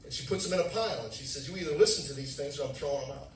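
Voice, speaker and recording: A man in his forties giving a testimony sermon, animated storytelling that acts out dialogue and bursts out loudly. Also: on the high side, very fast. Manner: animated storytelling, acting out dialogue with sudden loud outbursts. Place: church sanctuary. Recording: echoey room, mic at a distance.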